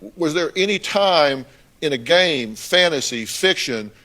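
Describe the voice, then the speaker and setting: A man's voice: a little high, lively intonation, a little slow, pushed and bright. A man hosting a talk show, pressing a guest with blunt repeated questions and narrating segments. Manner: insistent, repeats pointed questions.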